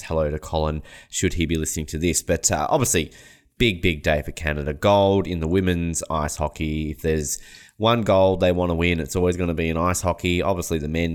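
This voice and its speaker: Deep-voiced man hosting a sports podcast. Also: clean tone. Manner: chatty, joking, excitable. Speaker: podcast host. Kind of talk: casual sports podcast chat.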